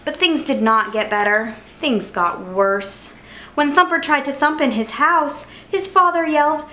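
Lady reading a kids' picture book out loud, expressive, kinda high voice. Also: measured pace, poor audio. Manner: clear, expressive storybook narration. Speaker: storyteller.

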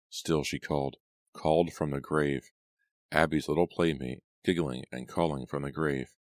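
A man reading a horror audiobook aloud in a dramatic, measured way. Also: rumbling low, steady tone, dry recording, clean studio sound. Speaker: audiobook narrator. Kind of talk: scripted narration.

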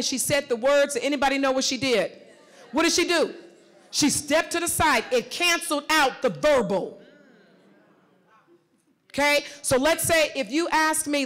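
A woman's voice: high voice, lively intonation, fairly bright tone. A woman leading a live workshop on a conference stage, giving emphatic, direct instructions and calling on the audience. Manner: emphatic, repeats words in quick bursts. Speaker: workshop facilitator. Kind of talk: live coaching session on stage.

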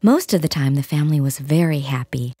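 A woman reading a fairy tale aloud in a gentle, hushed storytelling manner, with a soft, breathy, near-whispered delivery. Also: low voice, expressive, a little fast, no echo, clean studio sound. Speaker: audiobook reader. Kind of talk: storybook narration.

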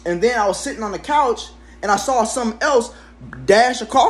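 Man, twenties, high voice, profane, animated storytime rant, sudden high exclamations, at home. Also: brisk. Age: 20s. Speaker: vlogger.

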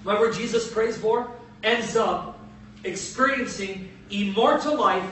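A man preaching a sermon to an audience, emphatic and building to loud peaks on key phrases. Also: high voice, unhurried, slight background noise. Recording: echoey room, distant mic.

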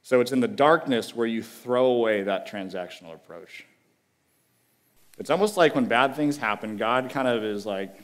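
A man giving a sermon as a guest preacher, talking in an earnest, conversational way with emphatic repetition and dropping to a quiet, low voice on key phrases. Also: animated, moderate pace.

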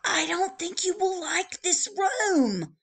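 A polite, fretful hotel bellhop, voiced by a woman reading a picture book. Courteous and full of warnings, the voice is high, very slow and sings up and down. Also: big pitch swings. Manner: courteous, warning, hushed at times.

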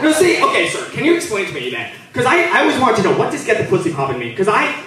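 A man's voice: high voice, huge pitch swings, fast. A young man doing stand-up crowd work in a comedy club, brash and teasing, laughing between lines. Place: comedy club stage, live audience. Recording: echoey club room from a distance, loud noise.

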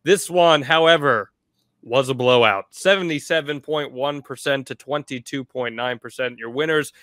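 A man co-hosting a podcast, keeping the chat lively and jokey as he moves through the results. His voice sits at a middle pitch and sounds dry and close to the mic, with no room around it. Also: normal speed, no echo. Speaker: podcast co-host. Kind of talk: casual chat.

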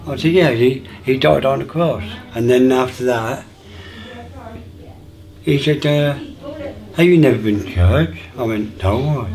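A man in his sixties tells his life story in a casual, halting way, with many restarts and fillers, and acts out remembered dialogue. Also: mid-range voice, a little mellow. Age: 60s.

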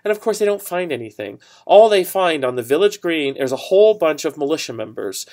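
A man's voice: fairly high pitch, very animated, brisk, darkish tone. Casual storytelling male history teacher. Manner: conversational storytelling with fillers and asides. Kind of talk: recorded classroom lecture.

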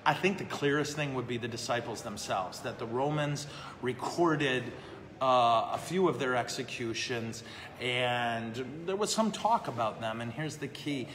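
A man speaks at a measured pace in a medium-pitched, somewhat bright voice. He's a priest hosting a live brewery Q&A, casual and self-mocking, frequently tossing out "okay?" and "right?". The audio carries long reverb and faint ambient noise.

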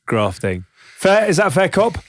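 A man's voice: high-pitched, very animated, moderate pace, no room sound. A man co-hosting a podcast, playfully teasing guests and steering the conversation with questions. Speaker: podcast co-host. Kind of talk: casual chat, asking questions.

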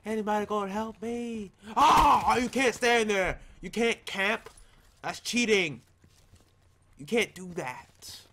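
A man with a high, strained voice yells and swears at other players as he plays. His words come out slow and drawn out. The headset mic is noisy. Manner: shouting, profane, ranting at other players. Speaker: gamer. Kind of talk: raging gameplay commentary.

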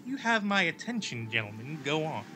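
A man's voice: a little high, sing-song, fairly quick, noisy background. A man voicing a scheming, menacing Southern governor in a game story he narrates, speaking in a sly, mocking way. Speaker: in-game story character voiced by player.

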